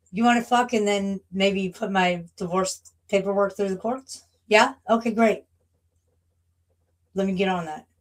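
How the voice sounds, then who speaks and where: A woman live streamer chatting casually and rambling, blunt and profane, often laughing. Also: medium pitch.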